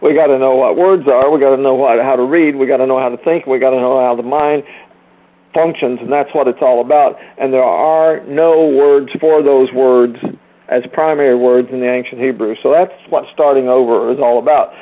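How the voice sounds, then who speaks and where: A man's voice: mid-range voice, fairly even intonation, normal speed. A man in his sixties teaching a group on a phone call, earnest and emphatic, repeating key phrases for weight. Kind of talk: informal teaching talk. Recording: tinny phone line.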